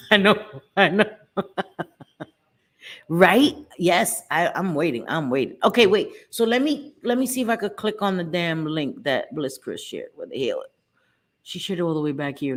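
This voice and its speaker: A woman's voice: medium pitch, expressive, normal speed. A middle-aged woman hosting a casual livestream from her home, talking to viewers by name and cursing freely. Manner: chatty, swears freely, talks to viewers by name. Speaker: livestream host.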